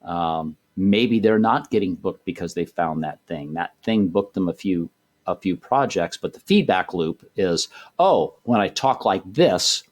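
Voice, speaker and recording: A man's voice: low-pitched, a little slow, a little mellow. A middle-aged man, a voice director, talking in a casual interview, thoughtful and rambling with many restarts. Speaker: voice director guest.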